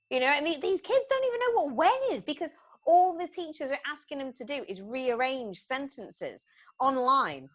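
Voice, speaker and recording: A woman's voice: sits high, moderate pace. A woman, chatting casually on a podcast and acting out the people in her stories. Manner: animated storyteller, acts out voices, swears freely.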